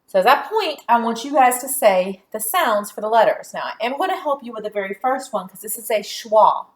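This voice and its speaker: A woman teacher giving a phonics lesson to young children, sounding out letters and syllables deliberately and praising answers. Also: on the high side, animated.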